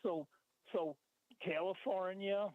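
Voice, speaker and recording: A man calling in to a radio show, speaking haltingly with many restarts. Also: high-pitched, fairly even intonation, dry recording. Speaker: caller. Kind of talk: call-in talk. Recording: phone line.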